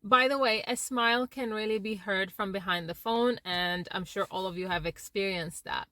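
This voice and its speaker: An interpreter and language teacher gives an educational talk to camera, her tone shifting expressively to illustrate each point. Her voice sits in the mid range, her pace is moderate, and there is no room sound.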